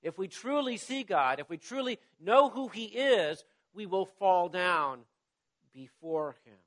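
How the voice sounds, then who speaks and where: Reading scripture aloud as he preaches to his congregation, this pastor speaks in a high-sitting, expressive and slightly bright voice. He is measured and emphatic, letting his voice fall away as each phrase ends.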